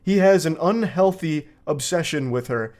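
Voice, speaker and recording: Male commentary narrator, somewhat high voice, steady reading, dry asides. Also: moderate pace. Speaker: video narrator reading texts. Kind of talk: narrated commentary video, reading messages aloud.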